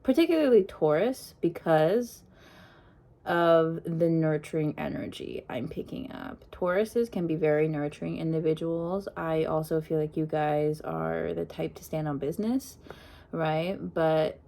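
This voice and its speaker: A woman giving a casual intuitive reading to camera, talking softly and meandering in a put-on accent, with frequent ums. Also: sits low, a little slow, vocal fry. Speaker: tarot reader. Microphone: phone propped on a crystal.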